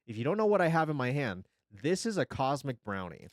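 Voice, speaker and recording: Man, 40s, rambling profane streamer, lively pitch, dry close mic. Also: brisk, dry recording. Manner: rambling, profane, jokey, reacting to chat. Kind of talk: casual live-stream chat.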